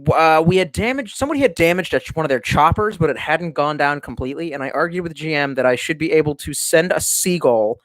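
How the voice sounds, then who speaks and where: A man's voice: a little high, lively intonation, fast, hardly any pauses, fairly bright tone, no echo. Rambling, foul-mouthed man streaming from home. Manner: rambling and profane, with many restarts. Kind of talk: casual livestream chat.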